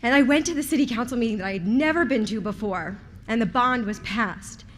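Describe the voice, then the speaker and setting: A woman's voice: fairly high pitch, a little fast, slight background noise. A woman in her thirties, a resident speaking at a school committee meeting, nervous and tearful as she pleads in an emotional, heartfelt way. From outside Rhode Island. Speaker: resident giving public comment.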